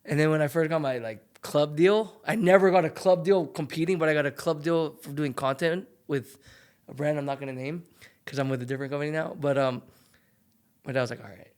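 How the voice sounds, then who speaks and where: A man's voice: fairly high pitch, fairly quick, a little mellow, clear, resonant tone. A young man, a former pro golfer, chatting as a podcast guest in a loose storytelling way full of fillers. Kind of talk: casual interview chat.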